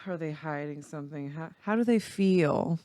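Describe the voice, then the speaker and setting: A woman's voice: low voice, normal speed, dark tone, no echo, clean studio sound. A woman playing a tabletop game, bantering and laughing often. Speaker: player. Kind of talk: tabletop game play, casual chat.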